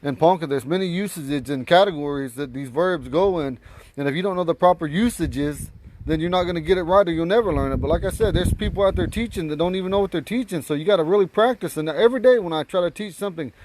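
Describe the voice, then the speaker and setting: A man's voice: a little high, fast talker, darkish tone, no echo, rough recording. A man teaching a language in a casual, rambling livestream lesson, often repeating and correcting himself.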